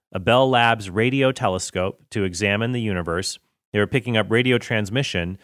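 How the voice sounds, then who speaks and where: A man's voice: mid-range voice, fairly bright tone, no room sound, clean studio sound. A man hosting a podcast, telling science stories in a chatty way and correcting himself as he goes. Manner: chatty, self-correcting storyteller. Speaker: podcast host. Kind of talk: casual solo podcast talk.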